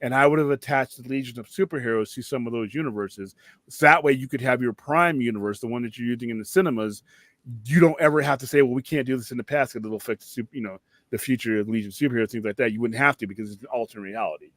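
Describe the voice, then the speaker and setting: Male stream host, middle pitch, loose and profane, dry close mic. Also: fast, dry recording. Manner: rambling, profane, animated. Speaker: show host. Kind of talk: casual stream chat.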